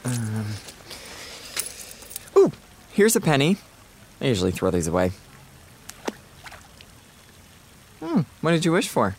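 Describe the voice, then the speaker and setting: An actress playing a crude, sarcastic young stoner friend in a comedy audio drama. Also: female voice, a bass voice, huge pitch swings, normal speed, darkish tone, slight background noise, heavily acted. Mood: teasing. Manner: sardonic, crude, stoner drawl. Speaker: Tommy, Sarah's friend.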